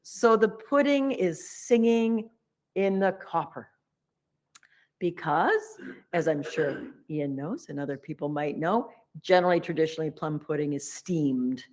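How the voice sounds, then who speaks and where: A woman teacher gives a humorous dharma talk in a chatty, animated storytelling voice. She speaks in a fairly low register and slips playfully into the characters as she retells the tale. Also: a little slow. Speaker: meditation teacher.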